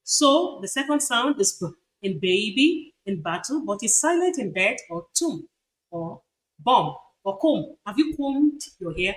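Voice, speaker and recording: Nigerian woman lecturing, lively pitch. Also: a little slow. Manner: drills words aloud, asks rhetorical questions. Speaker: university lecturer. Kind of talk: recorded phonetics lecture. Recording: noisy lecture recording.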